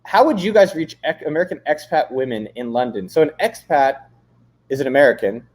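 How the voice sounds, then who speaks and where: A man's voice: mid-range voice, very animated, brisk. A man hosting a live stream, reading comments aloud and chatting casually with frequent swearing and jokes. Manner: casual, profane, joking, reads chat aloud. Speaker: livestream host. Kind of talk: casual livestream chat. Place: San Diego, California.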